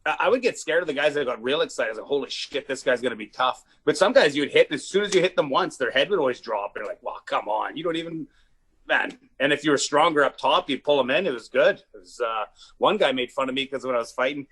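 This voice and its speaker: Husky-voiced Canadian man telling stories. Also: medium pitch, fast. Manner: animated, swearing, acts out quotes. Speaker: comedian guest. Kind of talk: casual storytelling.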